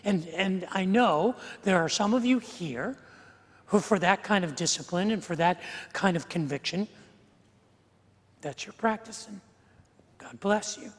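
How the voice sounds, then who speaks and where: A middle-aged male pastor delivers his sermon in a light, joking, conversational way. His voice sits fairly high for a man. The sound rings with the long reverb of a church sanctuary. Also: measured pace, long pauses. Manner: humorous, conversational preaching.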